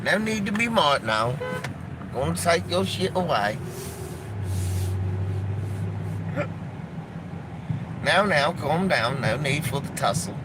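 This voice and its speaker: Man doing a prissy posh English gent, mock-calming, pitched up a bit, noisy background. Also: normal speed, lightly acted. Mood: mock soothing. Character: prim man faking a posh English accent.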